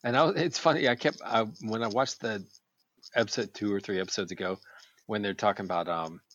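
A man with a fairly low voice talks in loose, rambling podcast chat, swearing casually and stopping to restart his thoughts. The sound is dry and close, with a slightly dull, muffled tone. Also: fairly quick, fairly bright tone, no echo. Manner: rambling, profane, restarts often. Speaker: podcast co-host.

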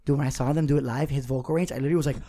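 A man's voice: mid-range voice, steady tone, very fast, warm tone. A man in his twenties in casual podcast banter, joking around and swearing a lot. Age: 20s. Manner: rowdy, profane, joking banter. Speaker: podcast co-host. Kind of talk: casual chat.

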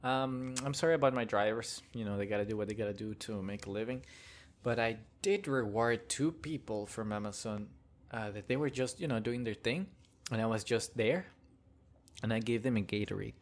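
A man's voice: lowish voice, fairly quick. A young man hosting a casual solo rant, rambling and joking with frequent chuckles. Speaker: podcast host.

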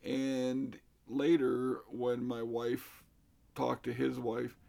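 A man's voice: mid-range voice, little pitch movement, very slow, vocal fry, mellow. A middle-aged man telling a story casually, recounting conversations with an exasperated manner.

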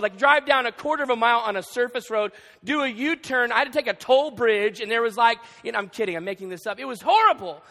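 A man preaching a sermon as pastor, telling a funny story with animated delivery. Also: very high voice. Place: church sanctuary. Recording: long reverb of a large hall.

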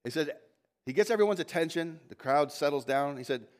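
His voice a little high and brisk, the man preaches as lead pastor in a church sanctuary. Animated and prone to restarts and asides, he gets louder whenever he reads scripture aloud.

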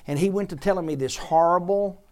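A man preaching a sermon to a congregation, exhorting loudly at times and dropping to quiet asides. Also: high-pitched, a little fast. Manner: emphatic, swings from loud exhortation to quiet asides.

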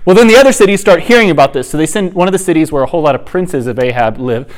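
A man's voice: on the high side, lively intonation, racing. A man hosting a podcast who retells Bible stories in a casual, humorous, chatty way. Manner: humorous, chatty, acts out the characters' lines. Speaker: podcast host teaching the Bible.

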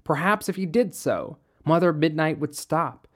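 A narrator reading a youth novel aloud. The voice sits at a middle pitch and keeps an even, unhurried storytelling rhythm throughout. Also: slightly rough. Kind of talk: audiobook reading.

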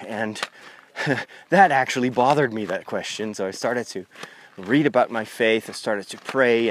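A male priest chatting on the move, his mid-range voice easygoing and rambling with lots of restarts. He records outdoors on a country path with a lavalier clipped to his phone, and a faint hiss of noise sits underneath. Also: mid-range voice. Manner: rambling, conversational, with frequent restarts. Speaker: Catholic priest and podcaster. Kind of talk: chatty walking podcast monologue. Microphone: lavalier mic on a phone.

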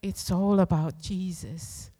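A woman's voice: lowish voice, fairly even intonation, takes it slowly, mellow, in a large hall. A woman preaching a sermon in a church, earnest and emphatic, often posing rhetorical questions.

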